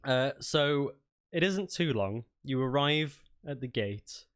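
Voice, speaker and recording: A man narrating a tabletop game as its game master. He rambles and restarts his sentences, with a voice pitched in the middle range for a man. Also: animated, slow, a bit bright, clean tone. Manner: rambling, many fillers and restarts.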